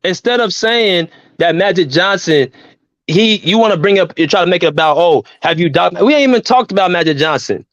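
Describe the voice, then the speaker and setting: Podcast co-host, man, high, dry lo-fi mic, stubborn repeater. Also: lively intonation, fairly quick, fairly bright tone, dry recording. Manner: defensive, repeats himself insistently. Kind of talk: heated casual sports debate.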